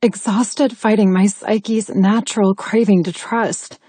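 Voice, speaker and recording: Husky-voiced woman narrating an audiobook. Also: mid-range voice, fairly even intonation, takes it slowly, warm tone, no echo. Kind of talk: first-person audiobook narration.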